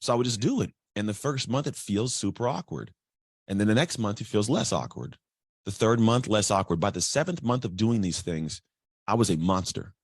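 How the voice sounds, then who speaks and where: A man telling his life story as a guest, energetic and chatty, acting out other people's voices. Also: fairly low pitch, fairly quick, slightly rough, no echo, clean studio sound. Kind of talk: candid storytelling.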